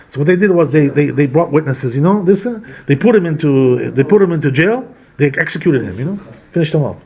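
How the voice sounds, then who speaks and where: Man, rabbi, casual lesson, rambling asides, fairly high pitch. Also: lively intonation, fast, darkish tone, husky. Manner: rambling, full of "you know" and "right". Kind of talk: casual storytelling Torah lesson.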